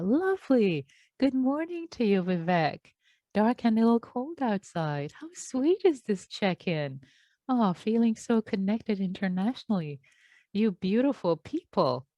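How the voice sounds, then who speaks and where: A woman meditation teacher on a video call, reading out attendees' check-ins and responding with warm, affectionate remarks. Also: mid-range voice, dry recording.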